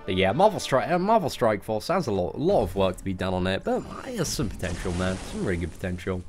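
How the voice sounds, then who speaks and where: A man's voice: fairly low pitch, sing-song, fast talker, a little mellow, faint music behind. A young British man hosting a game livestream, answering viewers in a casual, chatty way and peppering his talk with "man" and "you know". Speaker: livestream host.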